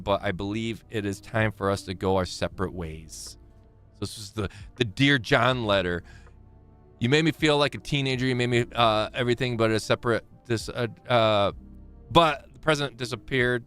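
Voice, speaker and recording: A man talks through a game on a live stream, stumbling as he reads in-game letters aloud. His voice is smooth and clear at a middling pitch, with faint music in the background. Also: a bit bright. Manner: reads game letters aloud haltingly, with many fillers and restarts; chatty, talks to himself. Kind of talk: live gameplay commentary.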